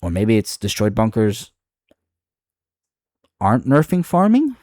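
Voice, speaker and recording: A man's voice: lowish voice, huge pitch swings, measured pace, a little mellow, no room sound, clean studio sound. A man reacting to online comments in his video, exasperated and profane, rambling with frequent restarts. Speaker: video creator.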